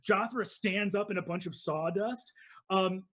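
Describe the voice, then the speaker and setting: A man narrating as dungeon master, animated and excitable, with plenty of fillers and restarts. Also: high voice, a little slow. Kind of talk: narrating a tabletop game.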